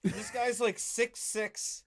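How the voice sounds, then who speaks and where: A man's voice: sits high, steady tone, slow pace. A man co-hosting a podcast in casual chat, telling stories in an easygoing way and chuckling often. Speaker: podcast co-host.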